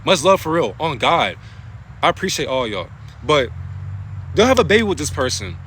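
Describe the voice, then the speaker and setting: A man's voice: fairly high pitch, sing-song, moderate pace, fairly bright tone, slight background noise. A man on a livestream giving a spiritual talk, using casual slang, asking heated rhetorical questions and often stopping to thank his viewers. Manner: passionate, preachy rhetorical questions.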